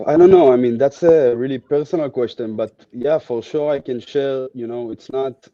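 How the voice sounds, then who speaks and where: A man's voice: medium pitch, moderate pace, warm tone, dry recording, highs cut off. A man from Israel, a podcast guest talking casually and thoughtfully, searching for his words. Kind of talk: casual reflective chat.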